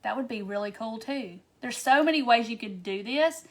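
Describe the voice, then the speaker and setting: A woman's voice: a little high, animated, moderate pace. A chatty woman hosts a casual craft tutorial livestream and answers viewer comments as she goes.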